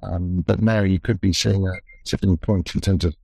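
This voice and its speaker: A man with a fairly low voice tells his story in a measured, reflective manner, pausing and restarting as he thinks. The sound is dry and close, with no room around it. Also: fairly even intonation, vocal fry, dark tone, slightly rough, dry recording. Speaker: expedition leader. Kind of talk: recounting a story in conversation.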